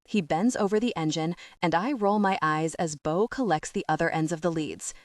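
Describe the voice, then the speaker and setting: A woman narrating a first-person romance audiobook in an expressive voice. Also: fairly low pitch, moderate pace, no room sound, recorded from a distance.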